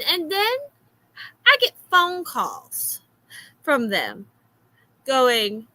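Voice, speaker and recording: A woman with a Florida accent telling a story in a casual, exasperated way, filling pauses with "uh". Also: sits high, dry recording, low-quality recording. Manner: animated, exasperated, many "uh" fillers.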